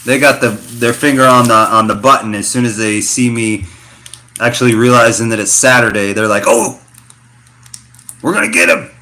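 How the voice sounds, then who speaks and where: A man's voice: mid-range voice, a little fast. A middle-aged man from the United States, telling a story in a loose, slangy way for his vlog. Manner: slangy, animated storytelling with fillers. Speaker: vlogger. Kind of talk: casual rambling vlog talk.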